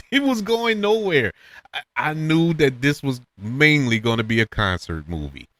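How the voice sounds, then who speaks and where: A man hosting a casual spoken movie review, animated and chuckling often, his voice jumping up high to make a point. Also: measured pace, no room sound. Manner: animated, laughs often, pitch jumps up high for emphasis. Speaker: podcast host reviewing films.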